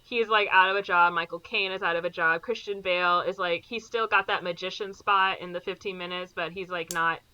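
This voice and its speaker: Bright, rambling woman recapping a movie. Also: lowish voice, fairly even intonation, clean tone, dull audio. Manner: rambling, fills every pause with "like". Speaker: podcast co-host. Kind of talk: casual movie recap chat.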